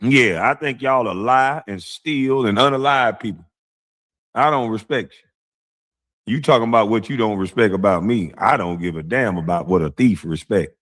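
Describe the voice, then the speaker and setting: A man's voice: on the low side, normal speed. A man hosting a casual livestream, reacting to a clip with mocking, blunt commentary and frequent laughter. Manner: mocking, animated, laughs often, blunt slang. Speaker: streamer, show host.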